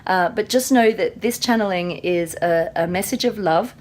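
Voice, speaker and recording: A woman's voice: lowish voice, normal speed, a little mellow. A middle-aged woman with an Australian accent, talking earnestly and casually about spiritual channeling, with many fillers and restarts. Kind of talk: casual spoken introduction to a video.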